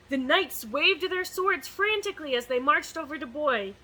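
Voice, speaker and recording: Slow, sing-song storybook reader, a woman. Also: sits high, very animated, pushed and bright, slight background noise, rough recording. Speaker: student success advisor reading to children. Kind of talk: storybook read-aloud.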